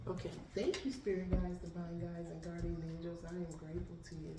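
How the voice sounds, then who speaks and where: A woman's voice: on the low side, steady tone, brisk, few pauses. A woman doing a casual tarot card reading, chatting and talking to her pets between cards. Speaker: tarot reader. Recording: echoey room, faint noise.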